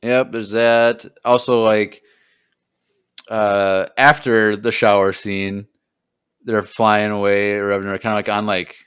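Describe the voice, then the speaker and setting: A man's voice: level tone, slow pace, fairly bright tone, clear, resonant tone. A young man co-hosting a podcast, chatting casually and rambling, acting out film quotes. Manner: rambling, acts out quotes with a jump in pitch. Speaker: podcast co-host. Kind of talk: casual chat.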